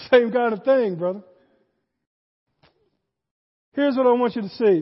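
High-voiced man preaching in a reverberant hall. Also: a little slow, long pauses, highs cut off. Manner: animated preaching, rising in force and dropping low for emphasis. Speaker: pastor. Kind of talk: sermon.

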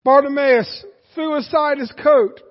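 A male preacher with a very high voice delivers a lively sermon, swinging from shouts to quiet asides. The sound is dull and rings with a long hall echo. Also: a little slow. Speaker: pastor.

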